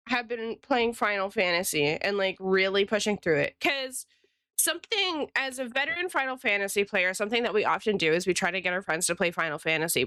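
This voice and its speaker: Woman streamer, casual rambling chat with viewers, mid-pitched, crisp and clean. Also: bright, forceful tone, dry recording, studio quality. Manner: chatty, rambling, greets chat by name. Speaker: freelance illustrator and streamer.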